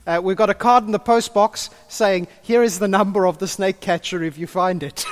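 A pastor with a high-sitting voice preaches a sermon at a moderate pace. He is animated, telling stories and chatting with his congregation as he goes.

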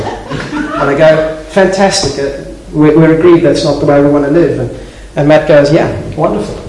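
A man's voice: on the high side, normal speed. A man preaching a sermon as a pastor, acting out little everyday scenes as he tells them. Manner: animated storyteller acting out little scenes, with some restarts. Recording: echoey hall, faint noise.

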